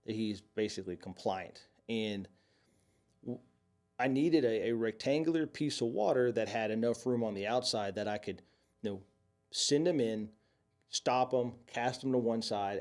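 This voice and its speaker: A man's voice: on the low side, darkish tone. A man co-hosting a podcast, telling stories in casual chat with many restarts. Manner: rambling, many restarts, tells stories animatedly. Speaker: podcast co-host.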